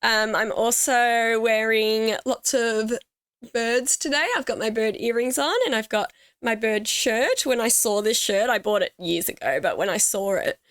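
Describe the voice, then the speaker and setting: A woman's voice: a little high, a little slow, clean tone, no echo, studio quality. A woman hosting her gaming channel, talking to camera in a heartfelt, casual way, teary and grateful. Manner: emotional, teary, grateful, with soft laughs.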